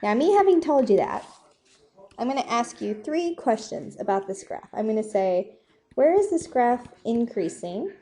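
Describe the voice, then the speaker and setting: Young female math tutor, warm and mellow, casual and self-deprecating, keeps asking "okay?". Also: fairly high pitch, big pitch swings, normal speed. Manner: chatty, self-deprecating, asks "okay?" often. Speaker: math teacher. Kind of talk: casual whiteboard math lesson.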